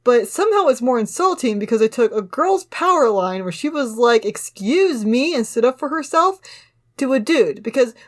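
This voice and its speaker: A woman with a somewhat high voice talks through a movie review on a podcast. She keeps it casual and sarcastic, laughing as she mocks the scenes. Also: lively intonation, brisk. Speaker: podcast co-host.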